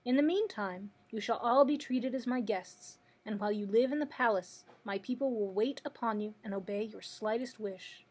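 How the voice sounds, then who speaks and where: A woman's voice: on the high side, moderate pace, few pauses, breathy edge. A woman reading aloud as an old man who is a false wizard, confessing meekly. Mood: reassuring. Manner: confessing, gentle storytelling delivery. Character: old male humbug wizard, meek and apologetic.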